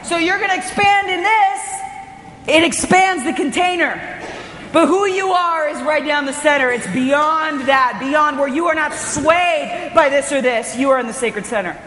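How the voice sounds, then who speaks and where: A woman giving an energetic, inspirational conference talk as a motivational speaker, often raising her voice for emphasis. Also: sits high, unhurried, a little hiss or hum. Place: hotel conference hall. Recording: echoey hall recording.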